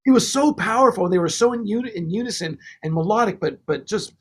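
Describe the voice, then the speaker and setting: A man, a record producer, telling stories in a casual podcast interview, animated and laughing as he goes. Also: sits high, quick pace.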